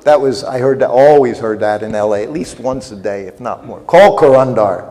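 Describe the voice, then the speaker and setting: A man's voice: medium pitch, moderate pace, dark tone. Older man telling humorous stories. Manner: self-deprecating, humorous, anecdotal. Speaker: festival speaker. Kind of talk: storytelling lecture. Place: festival hall. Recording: long reverb in a hall.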